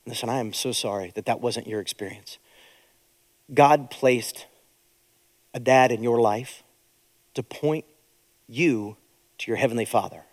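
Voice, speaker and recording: A man preaching as a pastor, earnest and consoling, dropping to hushed emphasis. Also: medium pitch, moderate pace, long pauses, long reverb tail. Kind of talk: sermon.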